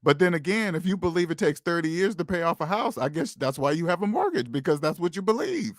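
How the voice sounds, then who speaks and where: Emphatic man with a higher voice. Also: sing-song, quick pace, dry recording, studio quality. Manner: emphatic, repetitive, rhetorical questions. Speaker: finance channel host. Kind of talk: casual monologue to viewers.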